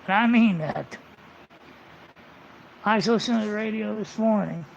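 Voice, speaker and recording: Gravelly, high-voiced man ranting profanely. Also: moderate pace, a little hiss or hum. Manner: profane, rambling, blunt. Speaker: livestreamer. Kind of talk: casual ranting monologue. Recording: muffled lo-fi livestream audio.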